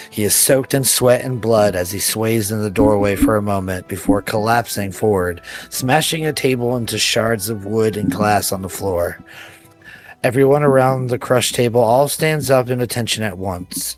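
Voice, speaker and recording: Man narrating as game master. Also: lowish voice. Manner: descriptive storytelling, laughs between scenes.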